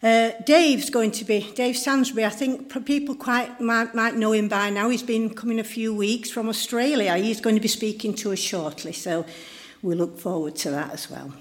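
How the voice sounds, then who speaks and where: Church woman reading notices, somewhat high voice, friendly and halting. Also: fairly even intonation. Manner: hesitant, friendly, many fillers. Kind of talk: welcoming and giving notices.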